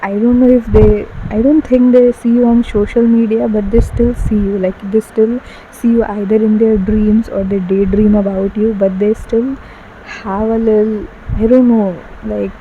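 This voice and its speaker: A woman gives an emotional, casual tarot reading, gushing, full of fillers, and tearful at times. Her medium-pitched voice is warm and level at a normal speed, recorded lo-fi with a little hiss or hum.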